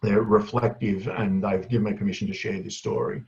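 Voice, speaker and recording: A man giving a casual, energetic webinar tutorial to school leaders, chatty with asides. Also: fairly low pitch, brisk, gravelly. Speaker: education consultant presenting a webinar. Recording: dull lo-fi webinar audio.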